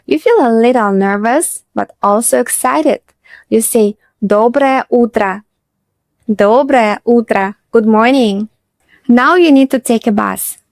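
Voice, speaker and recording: A woman, a teacher narrating a slow scripted lesson and repeating phrases for learners. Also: a little high, no echo. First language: Russian. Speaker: Russian teacher.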